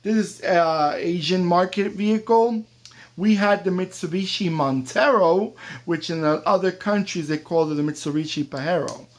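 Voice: medium pitch, moderate pace. An American toy collector reviewing a diecast model car in a casual vlog, chatty and enthusiastic, with the odd joke. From United States.

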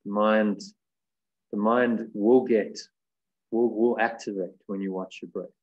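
A man with a lowish voice guides a meditation class over a video call. He speaks gently and without hurry, pausing on fillers as he thinks aloud. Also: fairly even intonation, lo-fi sound. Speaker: meditation course leader.

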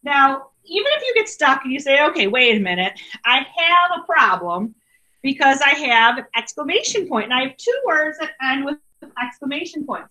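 A woman's voice: sits high, big pitch swings, moderate pace, bright, forceful tone. A woman teacher giving a chatty grammar lesson to her class over a video call, saying okay a lot. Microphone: computer mic on a video call.

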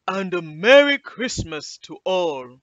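A woman voicing a jolly old Santa Claus in a read-aloud storybook, calling out loud and bellowing. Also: on the low side, big pitch swings, slow pace, dry recording, highs cut off, heavily acted. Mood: jolly booming.

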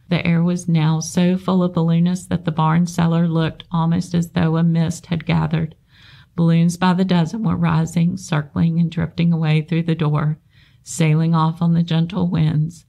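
A woman on library staff reading a children's novel aloud in a steady, measured narration. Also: low-pitched, creaky.

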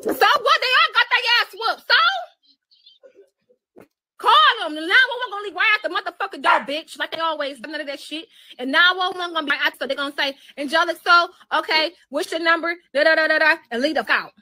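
A woman's voice: extremely high pitch, fairly quick, sharp tone. Cursing, confrontational woman on a live stream. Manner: cursing, confrontational, dialect-heavy. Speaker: live-stream influencer in a played clip. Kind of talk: heated live-stream rant.

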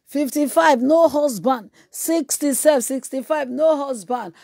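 High-voiced woman evangelist preaching. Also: a little slow, gravelly, no echo, studio quality. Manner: emphatic and repetitive, shifting into loud praying in tongues. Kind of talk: sermon and fiery prayer.

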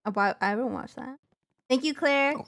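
Soft-spoken young woman streamer. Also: high-pitched, normal speed, no room sound, studio quality. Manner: soft-spoken, thanks donors. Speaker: streamer host. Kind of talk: casual gaming chat.

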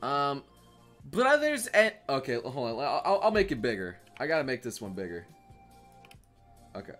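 Excitable, swearing young male streamer. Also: mid-range voice, moderate pace, faint music behind. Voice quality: excitable, profane, laughs often. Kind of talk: casual live-stream chat, reading memes aloud.

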